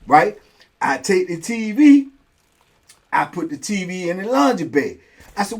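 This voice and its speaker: A man's voice: high voice, big pitch swings, measured pace, long pauses. A middle-aged man hosting a show, telling a story in casual, slang-heavy talk and acting out both sides of the conversations. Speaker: host and storyteller.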